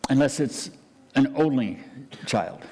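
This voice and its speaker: A man's voice: medium pitch, animated, takes it slowly, a little mellow, slight background noise. A man, a pastor, preaching a conversational sermon with frequent restarts and asides. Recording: church hall reverb.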